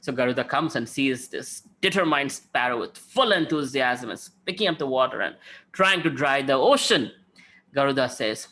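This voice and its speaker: Bright-voiced man giving a devotional talk. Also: medium pitch, animated, normal speed. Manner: conversational, frequent "right?" tags, acts out quotes. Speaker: spiritual speaker.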